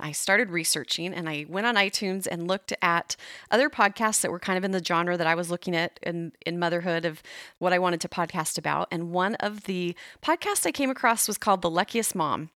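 A woman's voice: mid-range voice, pushed and bright, dry recording, clean studio sound. A middle-aged woman hosting an interview podcast, speaking with enthusiastic, gushing praise. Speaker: podcast host. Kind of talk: conversational interview.

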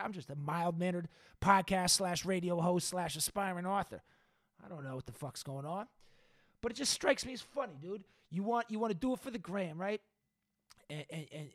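A man's voice: high voice, fairly bright tone, no room sound, studio quality. A young man hosting a podcast, talking in a rambling, profane, slangy monologue with his ears clogged. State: ears clogged, unsure of own loudness. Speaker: podcast and radio host. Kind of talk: casual monologue.

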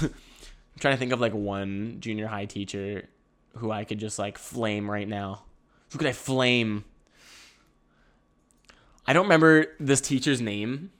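A young Canadian man with a medium-pitched, fairly bright voice tells a rambling comic story. He swears freely, laughs often, and keeps breaking into self-mocking asides.

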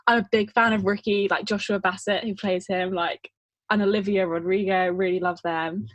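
A woman's voice: medium pitch, fairly even intonation, moderate pace, dry recording, lo-fi sound. A young woman from the UK, a guest on a casual podcast interview who talks in a bubbly, giggly way with lots of "like". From United Kingdom.

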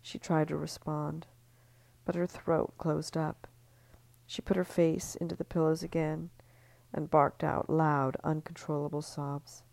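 A woman reads a serialized story in a hushed, intimate manner. Her voice is low and dark, with a steady gravelly fry running through it. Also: a little slow, low-quality recording. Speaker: narrator. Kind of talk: scripted audiobook narration.

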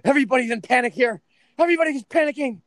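A man voicing his fretful, scolding middle-aged mother in a shrill, raised voice. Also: very fast, no echo, clean studio sound. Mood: panicky.

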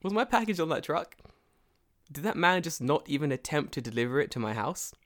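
A man's voice: fairly high pitch, big pitch swings, fairly quick, fairly bright tone. A man telling a story in casual chat, swearing often, laughing, and acting out both sides of a phone call. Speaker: storyteller in a conversation. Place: lives and works in Japan.

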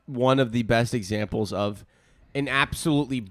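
A man's voice: medium pitch, normal speed, a bit bright, no room sound, clean studio sound. A young man co-hosting a casual podcast, blunt and profane, given to exasperated rants. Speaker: podcast co-host. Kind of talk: casual chat.

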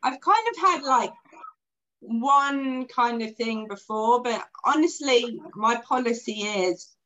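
A woman's voice: on the high side, slow pace, fairly bright tone, low-quality recording. A woman in her thirties talking as a guest in a casual podcast chat, frank and chatty with plenty of fillers.

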